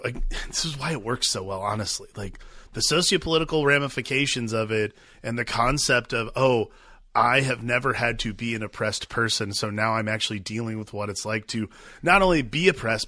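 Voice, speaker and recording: A man with a bright, forceful voice talks through ideas in a thoughtful, meandering way as a podcast co-host. The recording is close and dry. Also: mid-range voice, no echo. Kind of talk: casual film discussion.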